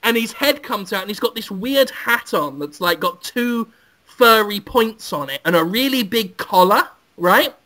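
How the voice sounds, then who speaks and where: A man's voice: sits high, lively intonation, a little slow, pushed and bright. A man hosting a podcast, rambling gleefully through a crude improvised comic story. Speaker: podcast host.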